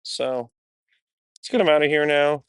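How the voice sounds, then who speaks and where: An unhurried man with a fairly bright, clean voice and no echo chats candidly to the camera while training a dog. He works as a dog trainer, and his casual talk breaks into high, cheery praise for the dogs.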